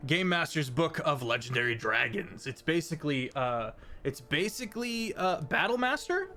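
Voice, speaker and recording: A man's voice: on the high side, big pitch swings, normal speed, pushed and bright. A man running a tabletop game as game master, chatting with players and chat in a casual way.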